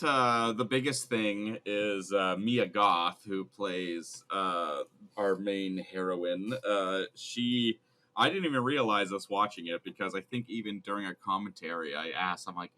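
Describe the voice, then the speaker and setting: Male podcast co-host, bright forceful voice, casual and jokey. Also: lowish voice, measured pace. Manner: laughs often, loose and jokey. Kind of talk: casual movie podcast chat.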